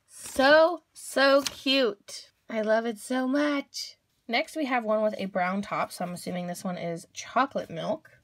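A young woman hosting a casual toy unboxing video, gushing over each cute toy with gasps and squeals. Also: on the high side.

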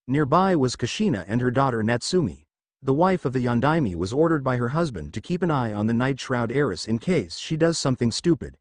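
Male fan fiction narrator, lively pitch, dry close sound. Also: no echo. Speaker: story narrator. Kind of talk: fan fiction story reading.

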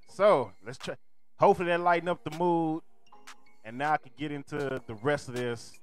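A hoarse male streamer ranting about a football game and repeating his complaints in exasperation. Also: fairly high pitch, moderate pace, music in the background. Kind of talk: sports rant.

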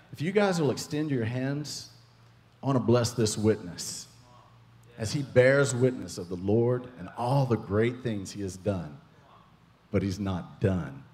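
Playful, excitable male minister, lowish voice, long church reverb. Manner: playful, excitable, jokes with the congregation. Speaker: guest minister. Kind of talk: prophetic ministry at a church service. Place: church sanctuary.

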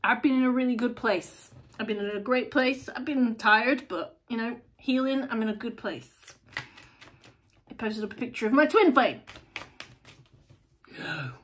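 A woman hosts a casual tarot reading, talking straight to her viewers in a chatty, blunt, animated way. Her voice sits a little higher than most women's and moves easily between brisk asides and relaxed explanation. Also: slight background noise. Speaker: tarot reader, channel host.

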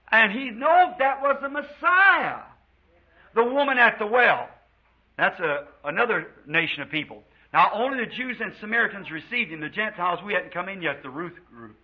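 A man from the United States preaches to his congregation with fervour, his voice pitched high and a little husky. He stretches out his scripture quotes slowly, then speeds through the asides. The recording is dull and lo-fi, like an old church tape. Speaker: pastor. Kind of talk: sermon.

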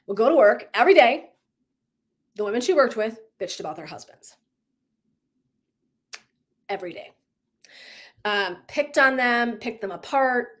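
A woman wellness coach talking live to her viewers, candid and emphatic, swearing casually and acting out stories as she goes. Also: on the high side. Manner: animated storyteller who acts out clients' lines. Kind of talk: livestream talk to viewers.

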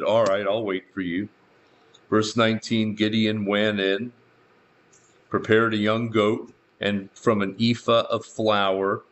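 A male pastor teaches the Bible verse by verse, reading scripture, adding his own remarks, and slipping in dry asides. His voice is lowish and a bit bright, with the highs cut off.

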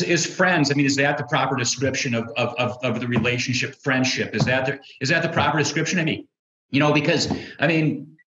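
A man of middle pitch moderates the panel, feeling his way through his questions with plenty of fillers. His voice sounds roomy and dull over the call. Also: a bit bright. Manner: halting, searching questions with many fillers. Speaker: host and moderator.

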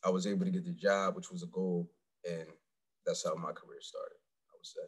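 A man's voice: low-pitched, little pitch movement, brisk, breathy edge, low-quality recording. A man sharing his career journey on a panel. He talks animatedly and jumps into other people's voices as he retells conversations.

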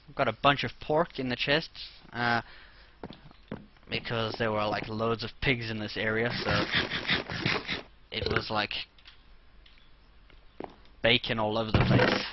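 A young man hosting a let's play, rambling casually and talking to himself as he plays. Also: mid-range voice. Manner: rambling, talks to himself while playing. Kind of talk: casual gameplay commentary. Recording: dull lo-fi mic with clear noise.

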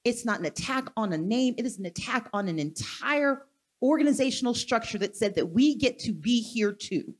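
A Mississippi woman, appearing as a guest speaker in a live onstage conversation, speaks forcefully and deliberately in a rallying tone. Her voice is a little high and animated.

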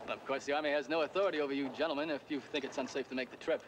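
A man playing a brisk cavalry lieutenant. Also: medium pitch, steady tone, lightly acted. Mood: urgent. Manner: brisk, official. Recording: outdoor film soundtrack with background noise.

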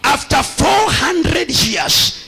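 High, bright Kenyan bishop preaching. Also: male voice, very animated, extremely slow, gravelly, poor audio. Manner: call-and-response preaching, repeats lines and quizzes the congregation; swings between shouted, sing-song declarations and quieter asides. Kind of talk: sermon. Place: church.

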